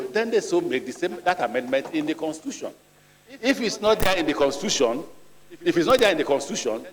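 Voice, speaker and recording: A middle-aged Nigerian man, a ministerial nominee, answering senators' questions at a screening in an earnest, plain-spoken way, telling anecdotes as he goes. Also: on the high side. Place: large legislative chamber. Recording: reverberant hall.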